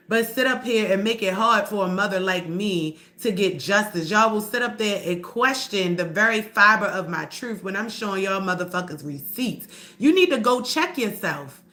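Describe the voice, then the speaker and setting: A woman's voice: medium pitch, pushed and bright. A woman on a live stream telling her own story to viewers, blunt and profane, calling them y'all and pushing back at doubters. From Baltimore area. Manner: heated and confrontational.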